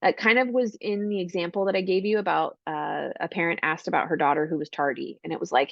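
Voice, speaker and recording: A woman's voice: fairly low pitch, steady tone, fast talker, vocal fry, hardly any pauses, no echo, highs cut off. A woman giving an online parenting workshop in a casual, chatty way, full of "like" and "right?", acting out encouraging lines for parents. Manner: acts out warm parent lines in a brighter voice.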